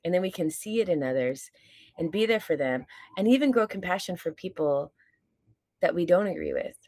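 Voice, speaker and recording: A woman with a deep, low-set speaking voice talks as a podcast guest in casual conversation. She is earnest and reflective, speaks candidly and lets the odd curse slip. The sound is dry and close, with no room around it. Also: expressive, normal speed, darkish tone, no echo. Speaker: stage performer. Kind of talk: casual chat.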